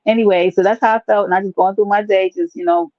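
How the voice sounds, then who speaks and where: A woman's voice: medium pitch, fairly even intonation, fast, dry recording, lo-fi sound. A woman hosting a live stream, rambling and teasing her viewers in a playful, chatty way. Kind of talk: casual live stream chat.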